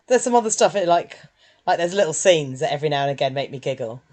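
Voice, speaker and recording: A woman co-hosting a casual film review chat, animated and quick to put on silly voices. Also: sits low. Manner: animated, puts on silly voices when quoting. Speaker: podcast co-host.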